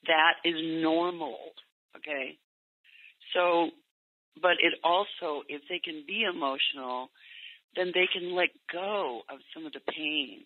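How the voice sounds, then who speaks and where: A man coaching parents on a call, speaking gently and acting out what parents and teens might say. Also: fairly high pitch. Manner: gentle, acts out parent and teen lines in quotes. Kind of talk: coaching session over a call. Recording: tinny phone line, dry.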